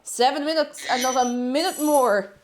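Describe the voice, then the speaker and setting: A woman's voice: sits high, normal speed, background noise. A woman streaming live, chatting casually and reading out viewer messages in a bubbly, sing-song way.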